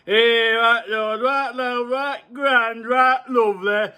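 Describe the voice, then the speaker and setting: A man putting on a bossy northern English host, blustering and shouting. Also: extremely high pitch, fairly even intonation, slow pace, smooth, pitched above the performer's own voice, full character voice. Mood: blustery.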